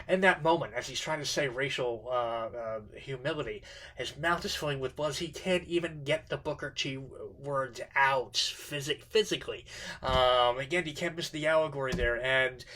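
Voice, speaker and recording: Bright-voiced man giving a halting lecture. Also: mid-range voice. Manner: halting, many fillers and restarts. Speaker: teacher. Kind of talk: informal literature lecture.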